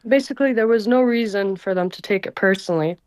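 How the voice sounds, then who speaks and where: A woman's voice: medium pitch, fast talker, a little mellow, clean tone, dry recording, studio quality. A woman guesting on a podcast in playful casual chat, giggling often. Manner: playful, giggly, mock-apologetic.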